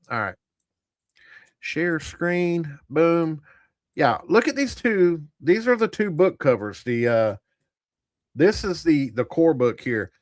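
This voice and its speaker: A man's voice: mid-range voice, dry recording, studio quality. A man hosting a tabletop gaming channel, giving blunt, profane, rambling commentary to a live chat. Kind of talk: casual livestream commentary.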